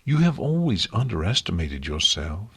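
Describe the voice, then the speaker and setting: A man reading an audiobook, voicing a gentle, motherly pony princess who speaks softly and soothingly. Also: low-pitched, sing-song, moderate pace, gravelly, husky, no echo, heavily acted. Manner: soothing, soft.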